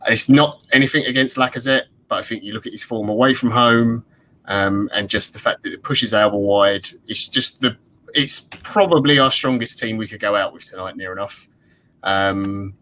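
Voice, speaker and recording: A man joins a football podcast as a guest and talks through the team in an upbeat, detailed way. His voice has a bright, forceful edge to it. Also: on the low side, steady tone, normal speed, slight background noise, low-quality recording. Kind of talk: casual football analysis chat.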